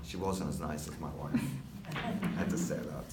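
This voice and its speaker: A man's voice: very deep voice, fairly even intonation, moderate pace, very noisy. English man in his sixties telling stories. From North London, England. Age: 60s. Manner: rambling storyteller, wry asides. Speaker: master stylist, speaker. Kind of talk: anecdotal talk to an audience. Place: hall with an audience. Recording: echoey hall, mic at a distance.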